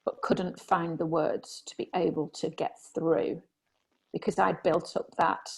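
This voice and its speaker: A woman speaking candidly as a guest in a reflective conversation, sometimes animated when reenacting her past self. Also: lowish voice, measured pace, gravelly, slightly rough, poor audio.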